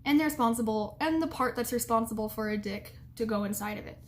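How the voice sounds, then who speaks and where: High-voiced woman, frank and giggly. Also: quick pace. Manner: frank and blunt, giggly, with lots of "like". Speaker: vlogger. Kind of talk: candid storytelling and advice.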